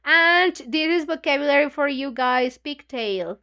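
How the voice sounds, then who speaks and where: A woman's voice: high voice, lively intonation, measured pace, sharp tone. Chatty woman teacher. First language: Spanish. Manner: chatty, says "you know, like" constantly, acts out lines. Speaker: English book club teacher. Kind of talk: retelling a story for learners.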